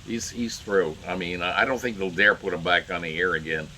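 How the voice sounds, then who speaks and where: A man's voice: deep voice, steady tone, fairly quick, bright, forceful tone, a little hiss or hum. A man giving indignant solo political commentary, rambling with many fillers and restarts.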